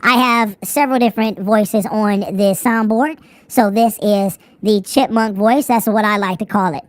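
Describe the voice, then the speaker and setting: A man using a pitch-shifting soundboard voice changer to talk as a squeaky chipmunk, playful and teasing. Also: steady tone, normal speed, no echo. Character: squeaky chipmunk voice, cartoonish and jokey.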